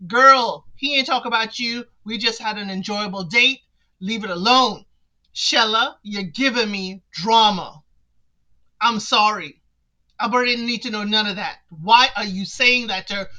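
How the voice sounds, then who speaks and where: A woman hosting a casual reality-show recap, animated and talking straight to the people on the show. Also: fairly high pitch, normal speed, rough recording. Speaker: recap podcast host.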